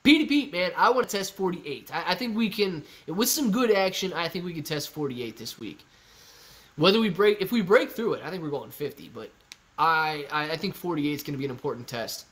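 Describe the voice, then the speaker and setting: A young man chatting through a live stream, reading comments out in a loose, playful way. His voice sits fairly high for a man, and he jumps between loud outbursts and quieter asides. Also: a little fast. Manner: animated, goofy, jumps between shouting and mumbling. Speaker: stock livestream host.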